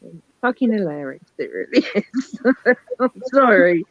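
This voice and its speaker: A woman's voice: mid-range voice, expressive, measured pace, no room sound. Woman co-host, voice fading, dismissive casual talk, dry muffled sound. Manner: scornful about trolls. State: losing her voice. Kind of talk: casual chat on a live stream. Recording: dull, muffled stream audio.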